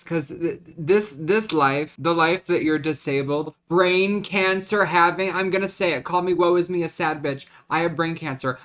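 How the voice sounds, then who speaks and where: A young man with a somewhat high voice speaks straight to his viewers in a confessional vlog. He talks dramatically, swears freely and keeps stumbling into restarts and repeated words. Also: a bit bright. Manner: dramatic, profane and repetitive, with frequent restarts. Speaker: vlogger.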